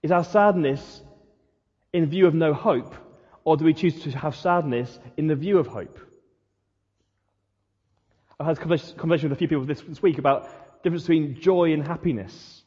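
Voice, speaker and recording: A man's voice: fairly high pitch, moderate pace, long pauses, dark tone, husky. A male pastor giving a sermon in an earnest way, asking his listeners the same questions again and again. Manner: earnest, repeats rhetorical questions. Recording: muffled sound with long hall reverb.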